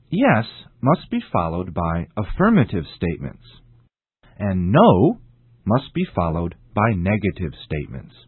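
Male radio English teacher, deliberate, dry thin phone-like sound. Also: lowish voice, slightly rough, no echo. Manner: slow, deliberate, very lively intonation. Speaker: English teacher, show host. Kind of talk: scripted radio lesson. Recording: tinny phone-like band.

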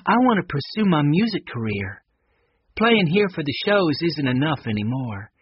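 A man's voice: fairly high pitch, very animated, moderate pace, slightly rough, no room sound, pitched above the performer's own voice. A man reading a storybook aloud and voicing a friendly, clumsy grown woman in a lightly raised, chatty voice, on a dull lo-fi recording.

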